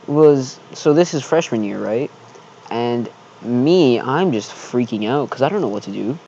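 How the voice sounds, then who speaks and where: A young man telling a casual storytime vlog, loose and profane, tagging his sentences with quick check-ins. His voice is mellow and dark. The recording is muffled and lo-fi. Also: mid-range voice. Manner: loose, profane storytelling with frequent 'right?' tags and laughs. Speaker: channel host telling a story.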